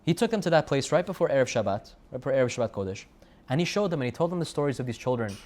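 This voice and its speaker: A man's voice: mid-range voice, animated, very fast, darkish tone. Man preaching a storytelling sermon. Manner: storytelling with repeated phrases and Hebrew terms. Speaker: rabbi giving a Torah talk. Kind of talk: sermon to students.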